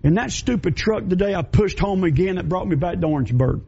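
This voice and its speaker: Pastor, high-pitched, folksy and fiery, dull lo-fi sermon recording. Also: male voice, lively intonation, fast talker, creaky, dark tone, a little hiss or hum.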